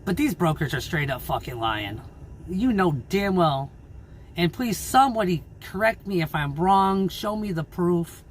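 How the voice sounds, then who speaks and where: Angry swearing trucker ranting. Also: male voice, sits high, animated, measured pace, a little hiss or hum. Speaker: owner-operator truck driver. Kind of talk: casual vlog rant. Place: in his truck.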